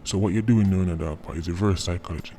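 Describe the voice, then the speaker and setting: A man's voice: sits low, very fast, dark tone, slight background noise. A man with a Jamaican accent giving casual, mocking commentary in patois, often tagging his lines with "right?". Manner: mocking, repeating tag words like "right?".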